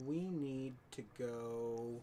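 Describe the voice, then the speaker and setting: A man's voice: medium pitch, extremely slow, warm tone, slight background noise. A man chatting casually with viewers while streaming a racing game, rambling and joking. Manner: rambling, jokey, chats with viewers. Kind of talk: casual live-stream chat.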